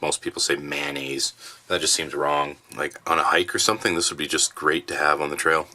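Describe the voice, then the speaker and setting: A man casually reviewing military rations in his basement, chatty and relaxed with plenty of fillers. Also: rumbling low, quick pace. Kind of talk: casual food review vlog. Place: home basement.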